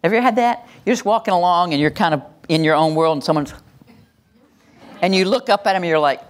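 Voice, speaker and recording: Low-voiced woman presenting a workshop. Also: fast talker. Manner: animated, acts out little scenes and laughs along. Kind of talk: live teaching talk to an audience.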